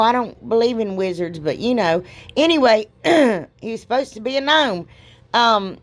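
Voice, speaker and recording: A middle-aged woman, rambling and joking at herself as she narrates a craft project with folksy exclamations. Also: on the low side. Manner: chatty, rambling, self-deprecating, folksy exclamations. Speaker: craft video host. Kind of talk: casual crafting voice-over.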